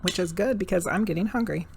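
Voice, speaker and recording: Slow, animated woman reading tarot live. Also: fairly low pitch, a little hiss or hum. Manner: frank and profane, ranting then laughing at herself. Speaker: medium and tarot reader.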